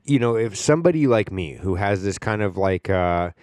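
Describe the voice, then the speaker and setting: A man's voice: lowish voice, lively intonation, moderate pace, darkish tone, dry recording, studio quality. A man hosting a podcast, talking in a rambling casual monologue with lots of fillers and the odd swear word. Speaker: podcast host.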